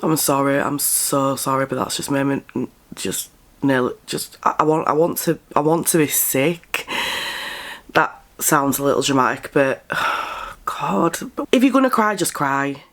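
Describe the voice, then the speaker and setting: A woman's voice: rumbling low, steady tone, a little slow, a bit bright. A woman commentator reacts to a clip with blunt, critical remarks.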